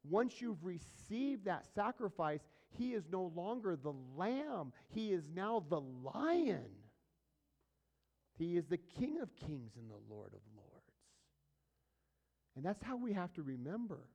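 A male pastor teaching a verse-by-verse sermon, casually asking his listeners questions and moving between quiet asides and louder emphatic passages. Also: high-pitched, big pitch swings, slow, gravelly. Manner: conversational preaching, asks the audience questions, swings between soft and loud.

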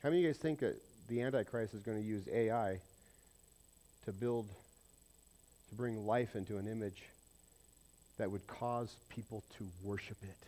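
A man preaching a sermon, swinging between loud, excited points and quiet, confiding asides, often asking the congregation questions. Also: lowish voice, normal speed, long pauses. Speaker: pastor.

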